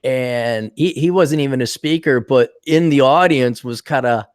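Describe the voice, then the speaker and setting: A male podcast host in casual chat, an animated storyteller who acts out the people he quotes. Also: medium pitch, measured pace, dry recording, clean studio sound.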